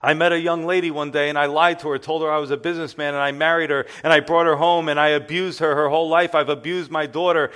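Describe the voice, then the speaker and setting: Here is a preacher acting out a hardened male gangster in a bar owner's back room, blunt and halting as he confesses. The voice sits somewhat high for a man. It stays close to plain sermon storytelling. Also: little pitch movement, fairly bright tone, smooth, lightly acted. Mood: desperate.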